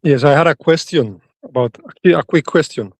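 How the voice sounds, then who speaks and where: A man calling into a live stream with a question, speaking in halting bursts and repeating words as he goes. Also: on the high side, slightly rough, no room sound. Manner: halting, repeats words while finding his point. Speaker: caller. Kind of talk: casual conversation.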